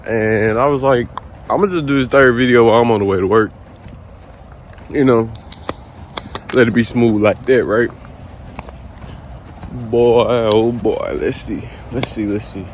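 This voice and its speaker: A young man, out of breath, talking casually to his phone camera while walking outside. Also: medium pitch. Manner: loose slangy banter, drawn-out greetings. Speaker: vlogger. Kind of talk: casual vlog talk to camera. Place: outdoors walking beside a busy road, windy. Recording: wind and traffic noise outdoors.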